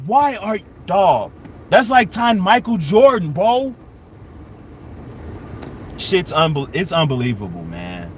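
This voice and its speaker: A man hosting a live-streamed sports fan rant, exasperated and repetitive, swinging between loud outbursts and low muttering. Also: very animated, slow pace, pauses often, slight background noise. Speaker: sports fan channel host.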